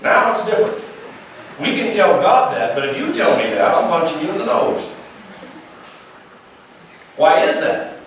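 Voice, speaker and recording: A male pastor preaching a lively sermon, asking the congregation questions and acting out the voices he quotes. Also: high voice, unhurried, long pauses. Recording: echoey room, mic at a distance, faint background noise.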